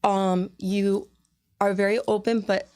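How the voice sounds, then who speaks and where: A woman's voice: mid-range voice, level tone, slow pace, a little mellow, clear, resonant tone. Encouraging woman hosting an interview. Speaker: host. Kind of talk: casual interview chat.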